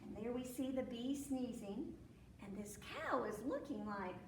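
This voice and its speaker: A woman reads a picture book to children, lively and full of acted sneezes and animal noises. Her voice is high and her pace slow and deliberate. The mic sits some way off in an echoey library room, with a faint hum behind her. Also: far from the mic. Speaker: librarian reading at storytime. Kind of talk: children's storytime read-aloud.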